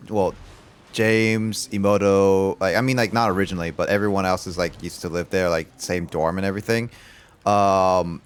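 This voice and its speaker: Give me a young male streamer with a lowish voice, rambling and muttering through casual gameplay talk. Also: clean tone. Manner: rambling, many fillers and restarts, muttered asides. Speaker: game streamer. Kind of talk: casual gameplay commentary and storytelling.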